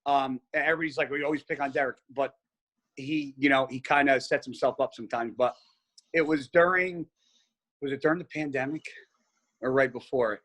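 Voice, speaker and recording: A man's voice: mid-range voice, brisk. A man as a podcast guest, telling stories in casual chat, blunt and heavy on profanity. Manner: blunt, profane, animated storyteller.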